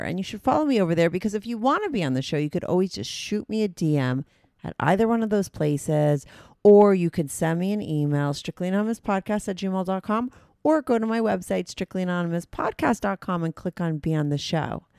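Woman host, chatty and loose, low-pitched, dry booth sound. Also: expressive, brisk, gravelly, a little mellow, no room sound. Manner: chatty, loose, with fillers and repeats. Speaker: podcast host. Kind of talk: casual chat.

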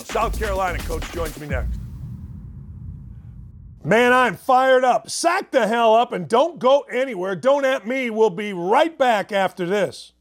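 A middle-aged male sports talk host with a notably high voice. He rants in a brash, combative, mocking tone. His pitch and loudness jump around as he goes. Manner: wide swings in pitch and loudness. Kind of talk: opinionated sports radio rant.

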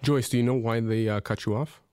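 A man giving advice on a radio call-in show, reassuring and quick, often repeating words as he goes. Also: medium pitch, fairly even intonation, darkish tone, smooth, no echo, studio quality. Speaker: guest expert.

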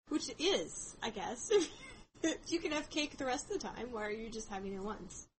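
High-pitched woman chatting on a podcast, animated and giggly, faint hiss behind. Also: moderate pace, poor audio. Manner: animated, laughing, voices quoted characters. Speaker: podcast co-host. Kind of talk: casual chat retelling a book.

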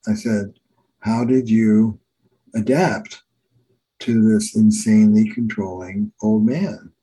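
A man's voice: fairly low pitch, steady tone, slow, warm tone, slightly rough, rough recording. An older man, a family therapist, telling case stories in an earnest, emphatic teaching manner. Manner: earnest, emphatic teacher repeating key phrases. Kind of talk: storytelling in a podcast interview.

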